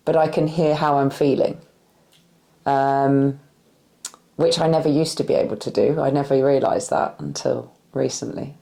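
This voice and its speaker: A woman in her forties with a London accent, a bit hoarse, talking hesitantly with many pauses in an interview. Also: low-pitched, warm tone. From West London, England. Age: 40s. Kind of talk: reflective casual interview talk.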